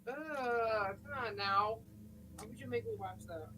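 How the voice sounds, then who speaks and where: A woman's voice: a little high, animated, a little slow, pushed and bright, slight background noise. A woman on a live stream playfully complaining that she is being teased. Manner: playfully complaining, teasing back. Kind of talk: casual chat on a live stream.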